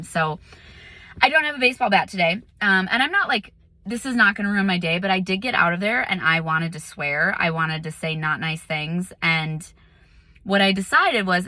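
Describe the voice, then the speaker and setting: A woman meditation teacher in a casual vlog, chatty and animated, telling a story with lots of "like" and "um". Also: fairly low pitch, dry recording.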